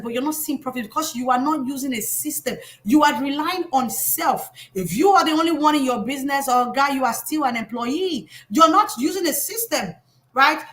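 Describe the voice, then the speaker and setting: A high-pitched Nigerian woman coaching her audience on money. Her delivery is animated and emphatic, scolding her listeners while keeping some humor. She sounds middle-aged and rises often for emphasis. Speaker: financial coach. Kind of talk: live motivational talk.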